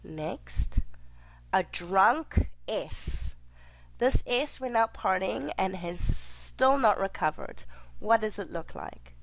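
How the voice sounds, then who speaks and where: A woman teacher giving a recorded lecture, speaking clearly and deliberately and slowing down to stress her examples. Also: medium pitch, lively intonation.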